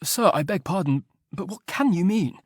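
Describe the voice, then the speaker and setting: A man reading an audiobook voices a young, earnest secretary who answers in a hurried, flustered way. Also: high voice, lively intonation, no room sound, clean studio sound, pitched above the performer's own voice.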